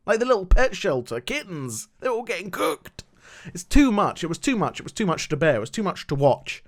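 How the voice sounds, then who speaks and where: A man giving a rambling, animated review of a TV episode, repeating himself when indignant. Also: mid-range voice. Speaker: show reviewer.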